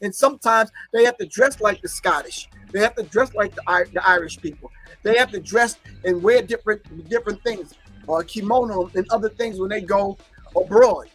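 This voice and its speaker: High-voiced emphatic male commentator. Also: moderate pace, a bit bright, slightly rough, soft background music. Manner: emphatic, preaching, repeating key phrases. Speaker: host commenting on archival clips. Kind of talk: commentary on a recorded lecture.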